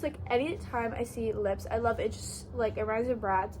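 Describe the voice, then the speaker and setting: A woman's voice: on the high side, brisk, a little mellow, slight background noise, rough recording. A young woman from Canada chatting casually in a haul vlog, bubbly and gushing, full of "like" fillers. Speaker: thrift haul vlogger.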